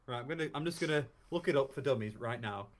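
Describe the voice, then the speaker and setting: A man's voice: mid-range voice, fast. A young man co-hosting a podcast, joking, swearing and laughing often in casual banter. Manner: laughs a lot, swears, jokey and rambling. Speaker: podcast co-host.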